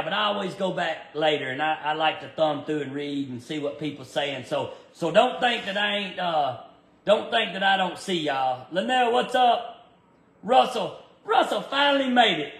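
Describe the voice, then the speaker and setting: A man's voice: high-pitched, vocal fry, fairly bright tone. Easygoing man in an echoey shop. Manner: rambling and easygoing, full of fillers, greeting viewers by name. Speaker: race car builder livestreaming from his shop. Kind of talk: casual livestream chat. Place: garage workshop.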